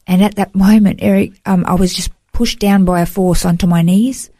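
A woman's voice: mid-range voice, fairly even intonation, moderate pace, dark tone, no room sound. A woman telling a heartfelt personal testimony in an earnest, emotional way, often saying "you know". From Australia. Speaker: guest sharing a personal testimony. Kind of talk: emotional first-person storytelling.

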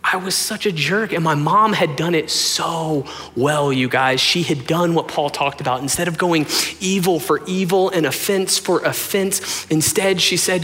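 A man's voice: a little high, unhurried, fairly bright tone. A man, a pastor, telling a story in a casual, rambling, self-deprecating sermon with plenty of fillers. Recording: long reverb of a large hall.

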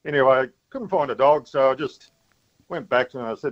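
A man calling in to a radio show, telling a long story in a laconic, halting way. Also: mid-range voice. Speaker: radio caller. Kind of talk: phone-in storytelling. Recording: dull phone-in line.

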